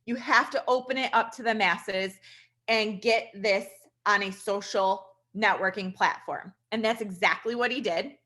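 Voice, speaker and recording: A woman's voice: medium pitch, a little slow, bright, forceful tone. A woman in her thirties, a registered nurse, telling her personal story in an earnest, chatty way, addressing listeners as "you guys". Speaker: registered nurse sharing a testimonial. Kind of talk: casual personal testimonial to an audience.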